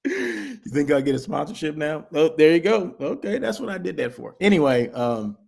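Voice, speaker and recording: A man's voice: fairly high pitch, sing-song, moderate pace, gravelly, a little mellow. A man hosting a live daily show, chatting casually in a rambling way with lots of asides and restarts. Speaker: host. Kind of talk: casual livestream chat.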